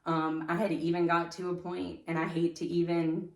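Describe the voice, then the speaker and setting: Brief: deep-voiced woman sharing personal testimony, hesitant and full of fillers, recorded in a roomy space from a distance. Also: level tone. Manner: halting, with many fillers and restarts. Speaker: podcast guest.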